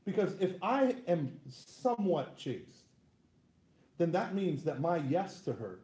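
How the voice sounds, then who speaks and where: A man in his thirties giving a lively, joking talk to a live audience as a Catholic speaker, with frequent "right?" asides. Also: fairly high pitch, roomy sound, low-quality recording.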